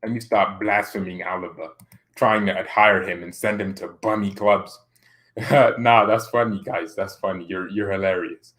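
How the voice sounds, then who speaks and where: A man's voice: low voice, fairly even intonation, moderate pace, a bit bright. A man hosting a football channel, chatting casually as he reads viewer comments, rambling and laughing often.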